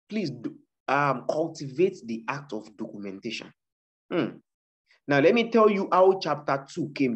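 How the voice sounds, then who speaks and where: A man with a Nigerian accent, an author speaking about his book in an emphatic, preaching style, repeating his points to urge listeners on. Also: mid-range voice. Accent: Nigerian English. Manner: emphatic and repetitive, exhorting listeners. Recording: dull lo-fi recording.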